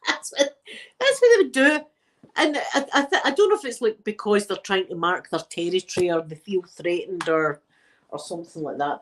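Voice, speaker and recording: A woman with a Scottish accent chatting casually with her viewers from her living room, telling stories and laughing often. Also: medium pitch. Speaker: live chat host.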